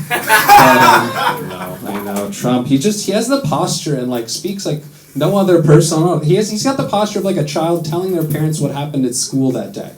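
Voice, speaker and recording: An American man doing stand-up in a London comedy club, telling sarcastic jokes in a dry, deadpan way and slipping into quick put-on voices. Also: sits high, over a noisy crowd. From United States. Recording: roomy club sound with loud audience laughter.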